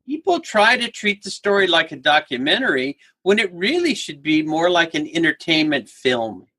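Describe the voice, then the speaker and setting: A man's voice: a little high, very animated, moderate pace, pushed and bright. A man telling humorous stories as a guest speaker, acting out the people in them and laughing as he talks. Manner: acts out characters in stories, laughs while talking. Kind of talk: animated storytelling conversation.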